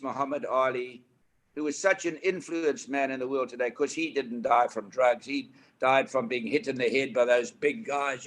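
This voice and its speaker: Animated older South African man, bright voice. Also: on the high side. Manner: animated anecdotes, emphatic and preachy. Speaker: guest. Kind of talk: storytelling on a talk panel.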